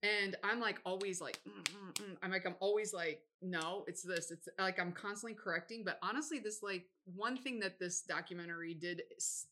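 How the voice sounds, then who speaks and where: A woman's voice: mid-range voice, a little fast, few pauses, pushed and bright. A woman co-hosting a casual podcast, chatting with her friend, laughing easily and mimicking people. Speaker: podcast co-host. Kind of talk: casual chat.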